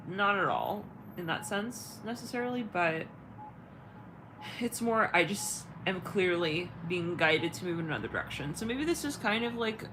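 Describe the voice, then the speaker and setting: Rambling low-voiced woman tarot host. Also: background noise. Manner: rambling, searching for words, frequent fillers and swearing. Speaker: tarot reader and channel host. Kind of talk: casual livestream chat.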